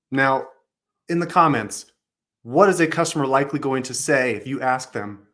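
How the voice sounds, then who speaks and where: A man's voice: mid-range voice, lively intonation, moderate pace, a bit bright. Upbeat male call-center coach. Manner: upbeat, acts out sample phrases. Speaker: customer service coach. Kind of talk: coaching commentary on recorded calls.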